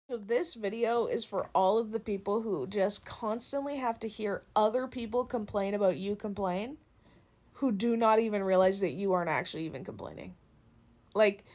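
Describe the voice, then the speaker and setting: A young woman and content creator venting in a casual vlog, telling stories with lots of swearing and laughter into a phone. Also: medium pitch. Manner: profane, animated storytelling with laughs.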